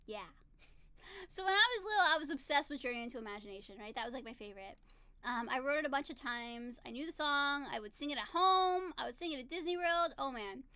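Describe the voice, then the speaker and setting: Woman, 30s, high pitch, bright tone, bubbly and giggly, casual vlog chat. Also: expressive, fast, clean tone, dry recording. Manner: bubbly, giggly, gushing storytelling. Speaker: vlogger.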